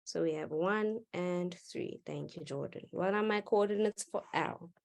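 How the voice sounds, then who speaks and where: A woman's voice: lowish voice, measured pace, gravelly. A woman teaching maths in a live online class, playful and teasing with her students. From South Africa.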